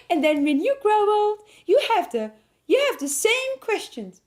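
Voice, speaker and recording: A woman voicing a gentle, wise old grandmother with a high, sing-song delivery. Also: very animated, measured pace, full character voice. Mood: wistful.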